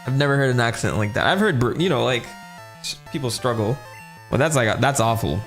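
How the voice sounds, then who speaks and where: A man streaming a game and chatting casually, joking in quick asides. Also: medium pitch, animated, a bit bright, soft background music. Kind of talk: casual gameplay commentary.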